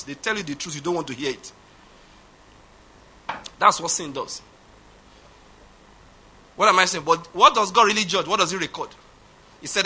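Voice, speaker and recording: A man's voice: high voice, bright, forceful tone, slightly rough. A man preaching an emphatic sermon, repeating his points. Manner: emphatic, repetitive, laughs at his own points. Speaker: pastor.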